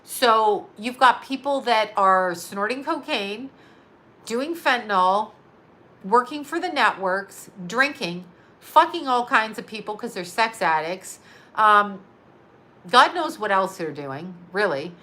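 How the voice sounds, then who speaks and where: A woman's voice: mid-range voice, lively intonation, takes it slowly, bright, forceful tone. A middle-aged woman hosting a live show, ranting heatedly and sarcastically and swearing freely. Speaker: psychic medium and live show host. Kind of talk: casual rant to a live audience.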